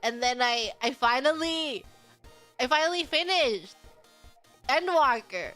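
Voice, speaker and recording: Giggly high-voiced young woman streamer. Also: slow pace, faint music behind. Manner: giggly, bubbly, excitable. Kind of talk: casual stream chat.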